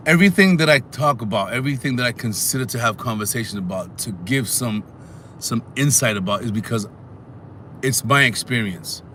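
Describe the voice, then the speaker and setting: Animated man hosting a chatty live stream. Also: mid-range voice, fairly quick, slight background noise. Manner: animated, talks back to chat, sings snatches. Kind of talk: casual live stream talk.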